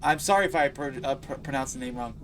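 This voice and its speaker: Excitable man narrating a horror game. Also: mid-range voice, fast, a little hiss or hum. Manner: excitable, talks back to game characters. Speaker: gaming video creator. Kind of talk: let's play commentary.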